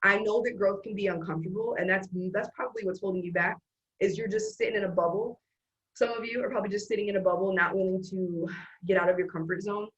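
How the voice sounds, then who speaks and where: A woman's voice: medium pitch, steady tone, quick pace, lo-fi sound. A woman hosting an earnest, emphatic motivational faith talk. She rambles with restarts. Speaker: host.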